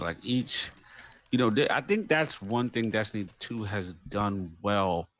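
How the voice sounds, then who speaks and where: A man's voice: fairly low pitch, expressive, moderate pace, a bit bright. A man co-hosting a gaming podcast in casual chat, enthusiastic and rhythmic, stacking repeated punchy phrases. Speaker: podcast co-host. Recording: dull, lo-fi sound.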